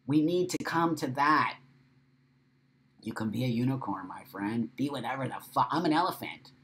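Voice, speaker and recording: A man's voice: medium pitch, lively intonation, normal speed, a bit bright, slight background noise. A man hosting a casual livestream, talking passionately and bluntly, swearing freely and emotional after crying. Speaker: live show host.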